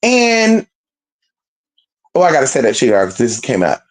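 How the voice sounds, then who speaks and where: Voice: mid-range voice, huge pitch swings, a little slow. A spiritual vlogger telling a story to viewers in a casual, profane, slangy way, talking straight to "y'all".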